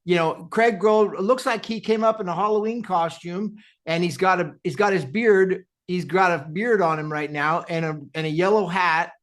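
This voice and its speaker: A man's voice: high voice, normal speed, hardly any pauses, fairly bright tone. A man hosting a live audio chat, casual and jokey, laughing often and calling people "dude". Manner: laughing, loose and jokey, says "dude" a lot.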